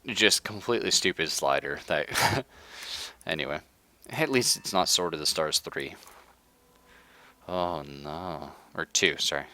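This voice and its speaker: A young man live-streaming a strategy game, hoarse from being sick, ranting in casual chat and laughing often. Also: sits low, bright, forceful tone, no room sound. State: hoarse from illness. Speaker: livestreamer.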